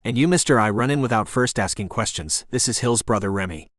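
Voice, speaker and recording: A man's voice: mid-range voice, lively intonation, brisk, dry recording, studio quality. Man voicing a bossy, blunt young woman. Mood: exasperated. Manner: sharp, exasperated, no-nonsense.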